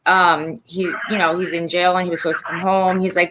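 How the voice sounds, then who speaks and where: A woman's voice: lowish voice, level tone, fairly quick, noisy background. A woman hosting a casual talk show, venting bluntly and profanely. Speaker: host.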